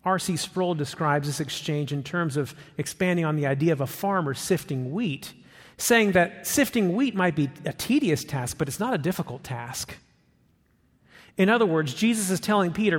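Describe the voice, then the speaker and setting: A man preaching a sermon as pastor, emphatic, rising on his questions and dropping low and soft for quotes. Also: expressive, moderate pace, in a large hall.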